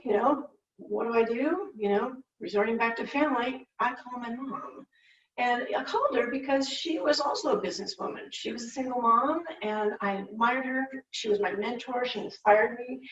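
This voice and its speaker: A woman's voice: on the high side, moderate pace. A woman business owner giving a candid personal talk, storytelling and acting out quotes from her past. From United States. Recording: muffled, roomy, distant mic.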